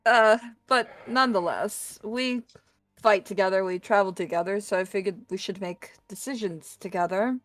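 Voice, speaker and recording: A woman playing a tabletop game, speaking in character with halting, hesitant phrasing. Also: mid-range voice, a bit bright, dry recording, soft background music. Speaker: player. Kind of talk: casual in-character role-play.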